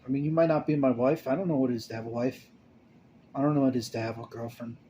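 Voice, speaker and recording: A man's voice: medium pitch, background noise. Stammering young man, rambling confession. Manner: halting, stammering, many restarts and repeated words; emotional, confessional, swings between mumbling and loud bursts. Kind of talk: rambling personal monologue to camera.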